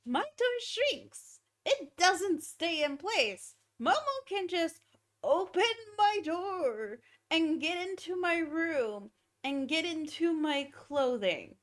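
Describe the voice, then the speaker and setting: A young woman streaming a game, chatting easily and giggling while she talks to her pets. Her voice is high, and she speaks at a slow, unhurried pace. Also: sing-song. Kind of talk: casual chat during a game stream.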